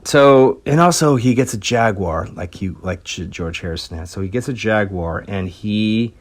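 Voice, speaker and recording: A man's voice: on the low side, expressive, moderate pace. A man hosting a podcast, telling a rock history story in a loose, chatty way with lots of fillers and restarts. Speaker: podcast host. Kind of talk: casual storytelling.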